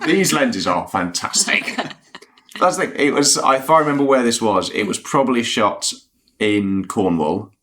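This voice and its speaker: A man's voice: mid-range voice, lively intonation, normal speed, a bit bright, slight background noise. A man co-hosting a podcast, telling chatty anecdotes in a casual chat and laughing often. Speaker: podcast co-host.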